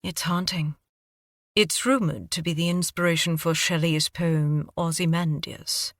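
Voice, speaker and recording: A man's voice: fairly high pitch, fairly even intonation, a little slow, fairly bright tone, no echo, clean studio sound. A woman voicing an urbane, self-deprecating man with a British accent, a refined scholar in an audiobook. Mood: learned. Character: refined British-raised male scholar, wry.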